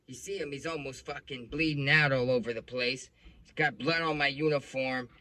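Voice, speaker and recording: Guy doing a high-pitched yelling cop, crude and bullying, sharp-edged voice. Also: expressive, normal speed, husky. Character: abusive, foul-mouthed adult male police officer.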